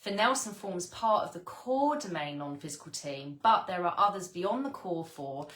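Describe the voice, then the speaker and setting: Woman reading her own spiritual book out loud, lowish voice, roomy echo, super earnest and gushy with little sighs. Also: expressive, moderate pace. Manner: earnest and gushing, breaking off with sighs and wows. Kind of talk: read-along of a spiritual book with personal asides.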